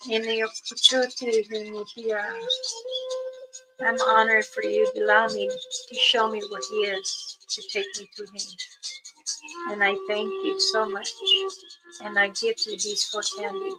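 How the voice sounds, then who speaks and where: A woman telling a personal story slowly and unhurriedly, acting out what others said and reciting prayers. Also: mid-range voice, low-quality recording. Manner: slow, unhurried, acts out others' lines. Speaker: storyteller, spiritual elder. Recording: music playing behind.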